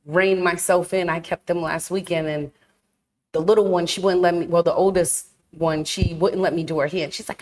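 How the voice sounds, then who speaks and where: Loud animated grandmother telling stories. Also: fairly low pitch, moderate pace, noisy background. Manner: loud, animated storyteller, self-described yeller. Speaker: podcast co-host. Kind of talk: casual chat.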